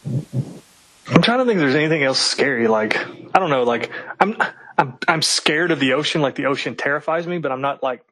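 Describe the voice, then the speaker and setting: A podcast co-host from eastern Kentucky tells loose, rambling stories full of swearing. His voice sits a little high for a man. The sound is dry and close, with no room in it. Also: expressive, moderate pace, sharp tone, no echo, low-quality recording. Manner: profane, rambling storytelling. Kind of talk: casual chat.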